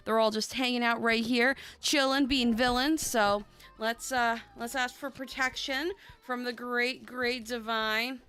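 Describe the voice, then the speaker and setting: A woman's voice: fairly high pitch, bright, forceful tone. A chatty woman hosting a casual tarot livestream, bubbly and swearing freely. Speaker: tarot reader and livestream host.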